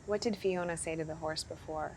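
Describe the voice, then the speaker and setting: A woman hosting an interview, asking questions in a measured, unhurried way. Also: low voice, steady tone, a little hiss or hum. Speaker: interview host.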